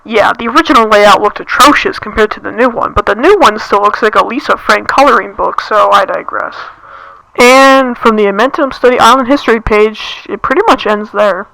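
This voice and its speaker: A woman's voice: mid-range voice, fairly quick, creaky, sharp tone, no room sound, rough recording. A young woman from the United States, a student, ranting on her own channel with sarcastic, exaggerated complaints. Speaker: channel host. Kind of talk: comedic rant to camera.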